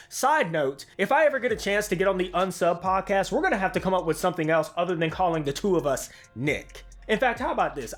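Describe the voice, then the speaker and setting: A man hosting his own channel, reading a scripted narration in a sarcastic, self-deprecating way, with a velvety smooth voice. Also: sits high, fairly bright tone. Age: adult with a career. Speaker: YouTube channel host.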